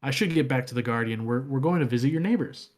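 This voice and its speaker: A man's voice: medium pitch, fast talker, a little mellow, natural voice. A man voicing a small, curious robot companion in an earnest, questioning way while reading lore.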